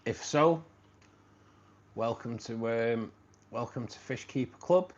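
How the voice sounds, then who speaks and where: Mancunian male host, mid-pitched, rambly and friendly with "mate", muffled lo-fi sound. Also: slow, pauses often. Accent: Manchester. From Manchester, England. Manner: rambling, repeats phrases, says "mate" a lot. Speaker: live stream host. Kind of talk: casual live-stream chat with viewers. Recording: dull lo-fi stream audio.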